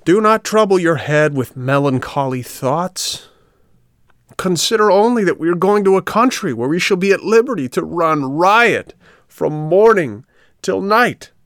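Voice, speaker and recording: A man doing a sly smooth-talking little coachman. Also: sits high, lively intonation, a little slow, fairly bright tone, no echo, studio quality, pitched above the performer's own voice, heavily acted. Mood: coaxing.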